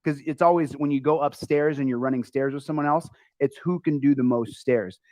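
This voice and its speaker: A man ranting excitably as an online streamer, mocking and fast to laugh. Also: no echo. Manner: mocking, excitable, jumps into high squeaky voices. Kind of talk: animated streamer rant.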